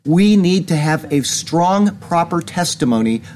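A man's voice: animated, measured pace, a little mellow. A male pastor giving earnest sermon commentary in a small church, reading news items and pressing his points with mounting indignation. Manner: earnest, rising in pitch when indignant. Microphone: camera.

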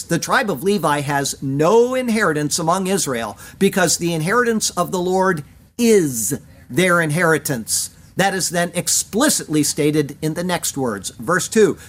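Male Bible teacher, slightly high voice, earnest and emphatic scripture commentary. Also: fairly bright tone. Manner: earnest, emphatic, reads Hebrew aloud.

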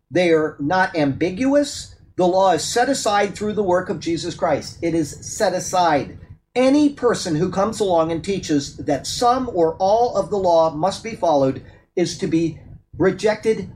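A man's voice: fairly high pitch, darkish tone, slight background noise, rough recording. A man teaching a Bible study. He reads a passage aloud and then comments on it in a loose, conversational way with fillers, and turns firm and emphatic on points of doctrine.

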